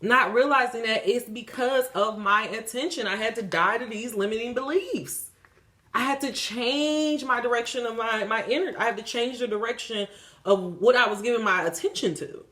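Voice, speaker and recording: A woman's voice: fairly high pitch, moderate pace, bright, forceful tone. A woman giving a spiritual tarot reading in a casual, preachy way. She swears freely and repeats phrases for emphasis. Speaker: tarot reader.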